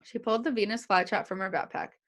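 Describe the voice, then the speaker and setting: A woman's voice: medium pitch, fast talker. A young woman reading a children's chapter book aloud to kids, giving each character their own voice. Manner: lively, puts on voices for the characters.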